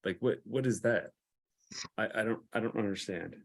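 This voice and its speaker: A man's voice: on the low side, moderate pace, vocal fry. A man cohosting a casual live stream, reading pickup lines with a lot of hesitation and laughter. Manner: laid-back, hesitant, laughs often.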